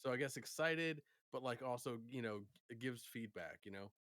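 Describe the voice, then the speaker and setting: A man co-hosting a casual podcast and game master, talking in a relaxed way with many fillers. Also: mid-range voice, normal speed, no room sound. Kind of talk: casual chat about tabletop games.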